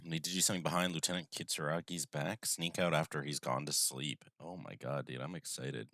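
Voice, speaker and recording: Very deep, gravelly laid-back streamer. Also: male voice, steady tone, a little fast, sharp tone, dry recording, studio quality. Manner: laid-back, amused asides. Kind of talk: casual game commentary.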